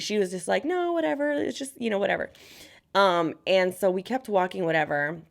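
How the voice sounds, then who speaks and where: A young woman vlogger telling a casual storytime while unboxing makeup, animated and chatty, acting out what others said. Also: lowish voice, gravelly. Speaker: beauty vlogger.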